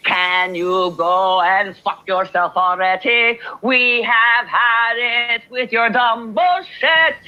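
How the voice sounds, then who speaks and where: A woman calling into a livestream, furiously swearing and shouting over a heckler. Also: medium pitch, takes it slowly, few pauses, lo-fi sound, soft background music. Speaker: livestream caller. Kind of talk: heated livestream argument.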